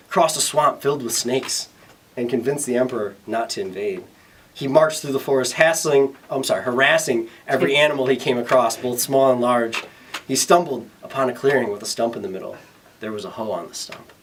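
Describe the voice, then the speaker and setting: A man's voice: medium pitch, a bit bright. A man reading comic fan fiction aloud in an amused, giggly way. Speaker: reader. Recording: distant, noisy home recording.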